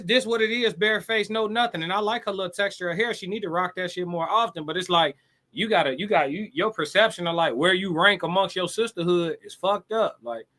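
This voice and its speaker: High bright-voiced man mocking casually. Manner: blunt, profane, mocking, restarts often. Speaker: live show host. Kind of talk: casual reaction commentary.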